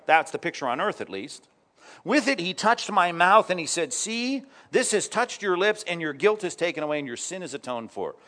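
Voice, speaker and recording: A man's voice: fairly high pitch, a bit bright. A man preaching a sermon, reading scripture and breaking off into chatty asides and rhetorical questions to the congregation. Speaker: pastor.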